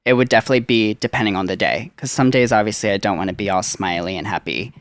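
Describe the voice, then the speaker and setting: Low, smooth-voiced young man chatting. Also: fast, no room sound. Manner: chatty, lots of filler "like". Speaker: guest, Disney character performer. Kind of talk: casual podcast interview.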